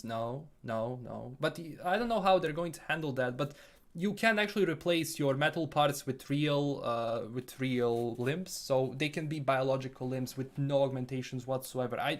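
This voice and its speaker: A man from Bosnia with a Bosnian accent, casually reading viewer comments aloud and answering them on a live stream. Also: on the high side.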